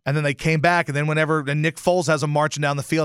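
Animated, bright-voiced ranting man. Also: a little high, very fast, hardly any pauses, clean tone, no room sound, studio quality. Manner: animated, profane, sarcastic storytelling. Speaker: podcast host. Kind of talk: casual rant.

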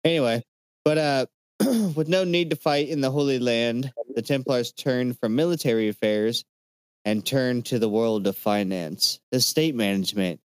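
A man's voice: mid-range voice, normal speed, clean tone, no echo. A man co-hosting a podcast who casually retells history he researched, swearing freely and filling gaps with "uh". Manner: relaxed, profane, loose retelling of history with fillers. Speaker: podcast co-host presenting the research. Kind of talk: casual chat.

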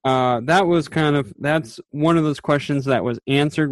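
A man's voice: fairly high pitch, moderate pace, no room sound. Man, casual podcast co-host, rambling recap, fillers, dry close sound. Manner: rambling, many fillers, acts out quoted lines. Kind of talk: casual chat recapping a TV episode.

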